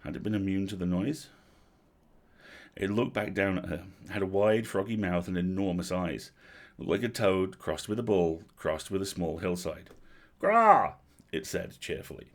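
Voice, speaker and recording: A man with a very low voice tells a bedtime horror story on a livestream. He reads in a steady, measured way, letting each line land before moving on. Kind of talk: reading a horror novel aloud.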